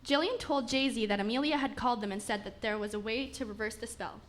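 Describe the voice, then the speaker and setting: Reading a funny fairy tale out loud, this narrator speaks in a fairly high voice at a slightly quick pace. She trips over small bits and starts phrases again along the way.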